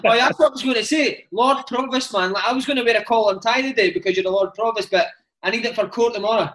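A man hosting an interview, prompting his guest with quick, jokey questions. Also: extremely high pitch, a bit bright, rough recording. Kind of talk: casual interview.

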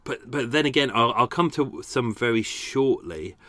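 A man's voice: mid-range voice, lively intonation, moderate pace, fairly bright tone, no room sound. Rambling, self-mocking male podcaster. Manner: rambling, self-deprecating, laughing often. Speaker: podcast host. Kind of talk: casual commentary. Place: home by a canal.

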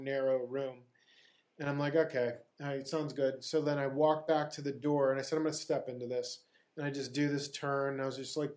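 A middle-aged man from Pittsburgh, a guest actor on a podcast, telling anecdotes in a casual style, acting out dialogue and laughing often. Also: mid-range voice. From Pittsburgh, USA. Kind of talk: casual storytelling interview.

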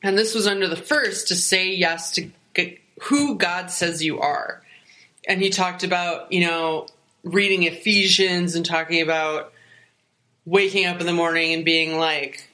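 Slow-talking bright-voiced woman chatting. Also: on the low side. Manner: animated, laughing, sarcastic retelling. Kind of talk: casual chat.

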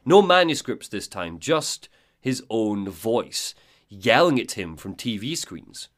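A man's voice: lowish voice, sing-song, slow. A man hosting a casual podcast, recapping video game lore and reading out quotes in different voices. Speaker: podcast host.

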